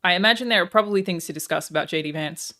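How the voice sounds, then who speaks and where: A woman streamer chatting live with her viewers in a sarcastic, deadpan, profane way. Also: fairly low pitch, very fast.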